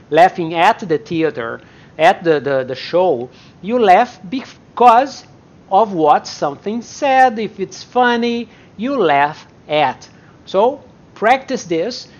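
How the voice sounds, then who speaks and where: A woman English teacher giving a live online lesson, explaining slowly, repeating example sentences and acting them out, her native tongue Portuguese. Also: fairly low pitch, animated, a little mellow, highs cut off.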